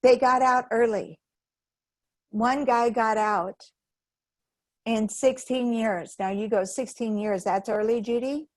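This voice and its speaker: A woman's voice: fairly high pitch, fairly even intonation, slow pace, pauses often, no echo. A woman giving a sermon at a spiritual center in a conversational way, acting out the voices of people she quotes. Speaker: guest speaker at a spiritual center.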